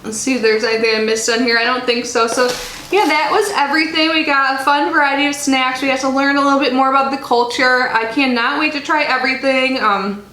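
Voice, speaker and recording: High-voiced chatty woman unboxing snacks. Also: fairly quick, bright, forceful tone. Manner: chatty, reads labels aloud, chews while talking. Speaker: subscription box reviewer. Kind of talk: casual unboxing vlog. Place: home in Florida. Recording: echoey room with faint noise.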